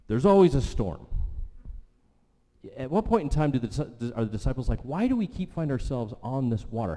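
A male pastor preaching a sermon, telling the story vividly and dropping his voice low for emphasis. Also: mellow. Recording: long hall reverb.

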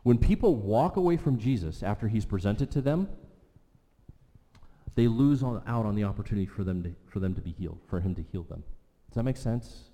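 A man preaching a sermon, his voice low-pitched and mellow. He presses his points and repeats key lines for weight. The sound rings with the long reverb of a large hall. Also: animated, brisk. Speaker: pastor.

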